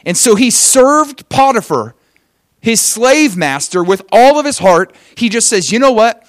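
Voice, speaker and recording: A man preaching a sermon, telling a story in an animated way and acting out the quotes. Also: high-pitched, unhurried, no echo, clean studio sound. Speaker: pastor.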